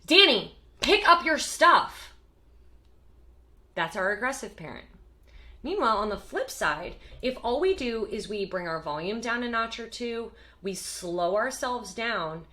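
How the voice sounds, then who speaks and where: A woman explaining parenting communication in a lively, emphatic teaching talk, acting out short example voices. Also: medium pitch, normal speed. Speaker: parenting educator.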